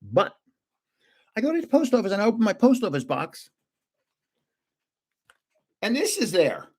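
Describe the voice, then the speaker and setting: An older trading card livestream host talks at a moderate pace in a high, slightly rough voice whose pitch swoops wildly. In relaxed chat he rambles through anecdotes, correcting himself and chuckling often between sentences.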